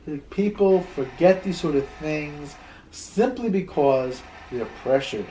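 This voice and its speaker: A man's voice: on the high side, animated, slow pace, warm tone, slight background noise, rough recording. A rabbi teaching a Torah class in a loose, conversational way, telling stories, repeating words as he thinks, and dropping in Hebrew terms.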